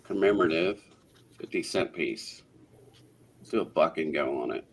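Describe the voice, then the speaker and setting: A deep, low-pitched man runs a live coin auction, reading out bids and calling for the next one in steady auctioneer patter. He sounds practiced and businesslike. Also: normal speed, slight background noise. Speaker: auctioneer host.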